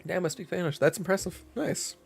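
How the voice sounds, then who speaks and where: A man's voice: sits high, brisk, gravelly, breathy edge. A man chatting casually with viewers while streaming a game, chatty and self-teasing. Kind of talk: casual gameplay commentary.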